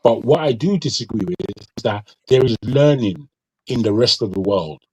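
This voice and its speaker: A man's voice: medium pitch, expressive, moderate pace, breathy edge, no room sound, poor audio. A man from Nigeria who grew up in Britain, arguing bluntly in a heated casual debate, swearing and repeating his words. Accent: British English with Nigerian touches. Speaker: discussion panelist.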